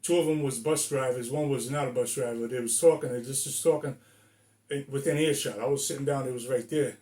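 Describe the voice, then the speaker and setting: Speaking briskly in a steady, dark, medium-pitched voice, a sixty-something vlogger from Rhode Island rants at the camera. He's blunt, emphatic, and heavily profane, and the room he's in is echoey.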